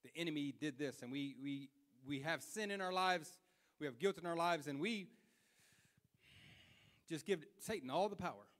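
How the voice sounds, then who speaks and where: A man preaching a sermon, impassioned and colloquial, repeating phrases as he builds to loud fervor. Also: on the high side, moderate pace, long pauses. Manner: colloquial, with slips and restarts.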